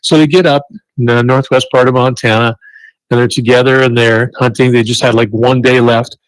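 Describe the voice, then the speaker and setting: A man's voice: mid-range voice, level tone, fairly quick, no room sound. A man appearing as a radio show guest, chatting casually and telling a hunting story in an easygoing way. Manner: easygoing storyteller, chuckles at his own hunting tale.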